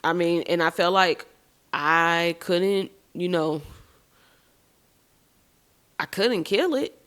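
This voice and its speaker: Frank, expressive woman podcast host. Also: fairly low pitch, slow pace, clear, resonant tone. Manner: frank and expressive, addresses listeners as y'all; swears casually. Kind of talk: candid personal storytelling. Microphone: podcast microphone.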